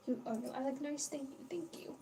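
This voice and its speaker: High and warm, her voice moves fairly quickly as this young woman hosts a casual livestream. She rambles on, swearing freely and greeting her chat, captured by a distant mic with a little background noise.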